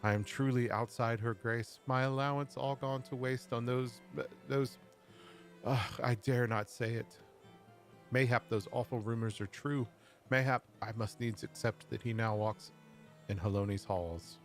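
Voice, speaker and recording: A man's voice: medium pitch, fairly even intonation, unhurried, soft background music, voice pushed up, lightly acted. A man voicing a heartbroken, lovesick young noblewoman in a video game, who speaks in a melodramatic, lamenting way. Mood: despairing.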